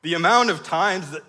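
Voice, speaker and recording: Guy in his 30s crying thru a sermon on a church stage mic, bright voice, keeps stopping n clearing his throat. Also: on the high side. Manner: tearful, halting, clears throat often. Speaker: church speaker. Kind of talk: emotional sermon testimony.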